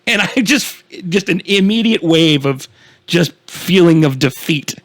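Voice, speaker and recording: Young male podcast co-host, sweary animated storyteller, slightly high voice, dry close sound. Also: measured pace, no echo. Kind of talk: casual chat.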